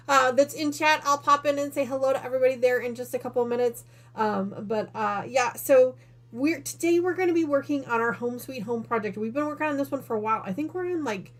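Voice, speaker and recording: A woman's voice: high-pitched, quick pace. A woman from Northern Illinois hosting a quilting live stream in casual chat, out of breath and chatty, with apologetic asides to her viewers. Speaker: quilting channel host.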